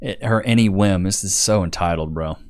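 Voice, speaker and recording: A man's voice: low-pitched, a little fast, a little mellow, smooth, no room sound, studio quality. A young man reacting to clips in casual, blunt commentary, mocking and slangy.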